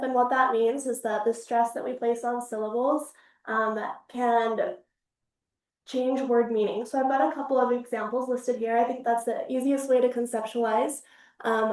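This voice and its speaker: A young woman with a fairly high voice presents her student research in a casual, upbeat way, often pausing on fillers. She sounds a bit distant from the microphone, and the room has a noticeable echo. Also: darkish tone. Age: young adult. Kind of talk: academic research talk. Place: university seminar room. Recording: echoey room, speaker far from mic.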